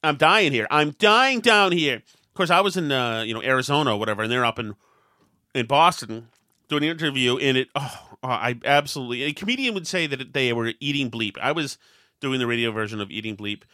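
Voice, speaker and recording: A man's voice: medium pitch, animated, fast talker, bright, forceful tone, no room sound, clean studio sound. A man hosting a podcast, telling a self-deprecating story in casual chat and acting out the quotes with lots of animation. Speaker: podcast host.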